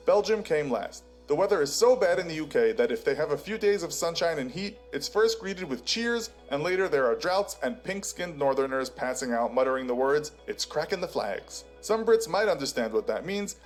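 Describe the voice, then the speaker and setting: A man giving scripted documentary-style narration with a wry, teasing delivery. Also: on the high side.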